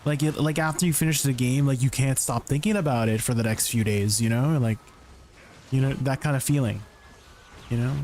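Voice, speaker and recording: Male streamer, casual live chat, rambling, excitable, many restarts, mid-pitched voice. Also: brisk, a little hiss or hum.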